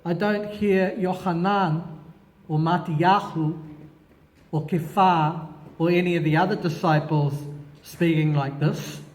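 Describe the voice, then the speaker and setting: A man leading a Bible study, animated, asking himself questions and dropping in Hebrew words. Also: a little high, takes it slowly, long reverb tail. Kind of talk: expository Bible teaching.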